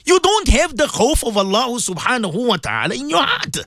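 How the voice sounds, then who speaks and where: A man giving an impassioned radio sermon to his listeners, emphatic and repetitive, with sudden leaps in pitch. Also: wildly swooping pitch, fairly quick, sharp tone, no room sound, studio quality. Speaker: radio presenter giving religious advice.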